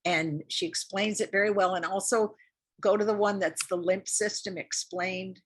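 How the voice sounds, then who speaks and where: A woman's voice: medium pitch, fairly even intonation, moderate pace, husky. An older woman lecturing at a community health talk, chatty and encouraging, often repeating herself for emphasis. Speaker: lymphedema lecturer. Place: community center lecture room.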